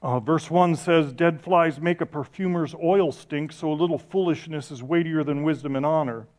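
A man's voice: fairly high pitch, moderate pace, a little mellow. A middle-aged man preaching a sermon as pastor, passionate and storytelling, often restarting and correcting himself.

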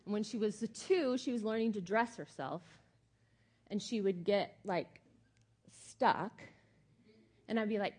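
A woman's voice: medium pitch, measured pace, long pauses, darkish tone, husky. A middle-aged woman pastor giving a sermon in a conversational, emphatic way with many fillers.

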